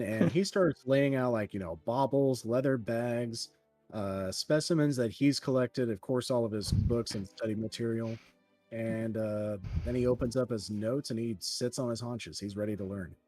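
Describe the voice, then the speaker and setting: A man's voice: mid-range voice, unhurried, darkish tone, no echo, soft background music. Casual man narrating his character. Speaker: player. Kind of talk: tabletop role-play, describing his character.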